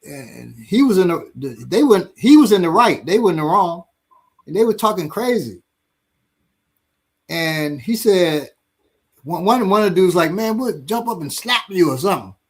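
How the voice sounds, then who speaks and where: A man's voice: sits high, moderate pace, slightly rough. A man telling stories in a casual chat, acting out the voices of people in them. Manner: animated, acts out voices in his stories. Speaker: instructor. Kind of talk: casual storytelling.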